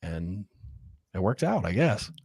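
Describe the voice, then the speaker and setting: A man's voice: lowish voice, sing-song, slow, a little mellow, breathy edge, dry recording, clean studio sound. A man, a real estate investor and coach, telling his story earnestly and candidly in a podcast interview, openly emotional.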